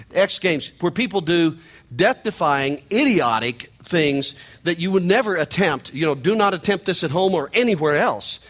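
Nasal Missouri-twanged preacher. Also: male voice, on the high side, a bit bright. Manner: conversational, joking asides to the congregation. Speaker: pastor. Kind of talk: sermon.

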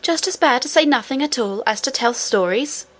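A woman doing a quiet, stubborn little princess. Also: high voice, expressive, moderate pace. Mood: calm, firm. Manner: quiet and composed.

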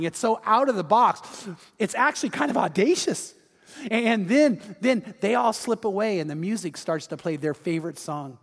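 High-voiced animated male pastor. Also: long reverb tail. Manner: animated storytelling, acts out quotes, urges the audience. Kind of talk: sermon.

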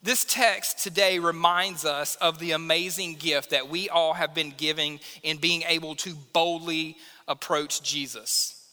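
Pastor, male, 30s; high, sharp voice, chatty sermon delivery, church hall reverb. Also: steady tone, unhurried. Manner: conversational, self-deprecating preaching with acted quotes. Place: church sanctuary.

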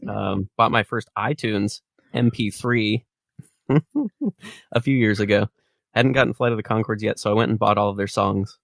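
Man, low voice, gravelly fry, dry close sound, casual podcast chat, easy laughs. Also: measured pace, dry recording. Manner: relaxed, chuckling often. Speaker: podcast co-host.

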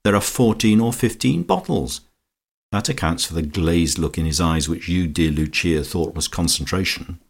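A man's voice: low-pitched, lively intonation, normal speed, creaky, slightly rough, heavily acted. A man doing a strangled, indignant society lady. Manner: strangled, bitterly ironic. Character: fussy indignant middle-aged woman, robbed.

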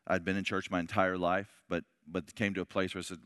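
Male pastor, impassioned sermon, forceful bright voice, dry close sound. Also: low voice, little pitch movement, fast talker, clean tone, no room sound. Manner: impassioned, swings from shouting to hushed. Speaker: pastor leading a men's Bible study.

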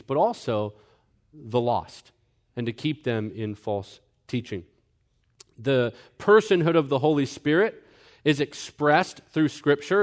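A young-adult man pastor teaching a sermon earnestly, explaining scripture point by point. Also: mid-range voice. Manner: earnest, mimics people in quoted asides.

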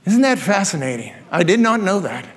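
High-voiced preacher in a hall. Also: male voice, brisk, slightly rough. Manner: animated storyteller, laughs at his own jokes. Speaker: pastor. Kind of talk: sermon. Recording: long reverb of a large hall.

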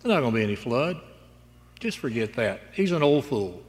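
A man's voice: medium pitch, very animated, fairly quick, lightly acted. A man voicing a dismissive father who laughs off a warning. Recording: long reverb in a large hall.

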